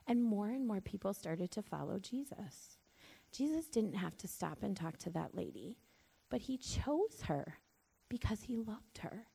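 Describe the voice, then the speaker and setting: A woman in a church telling a Bible story to children, gently and expressively, asking them to say words back. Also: medium pitch, creaky.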